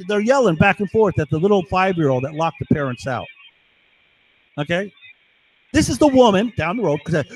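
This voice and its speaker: A man's voice: sits high, lively intonation, brisk, soft background music, low-quality recording. A man talking in an agitated, rambling monologue while recording himself at his computer, again and again asking his listener "right?". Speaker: video blogger.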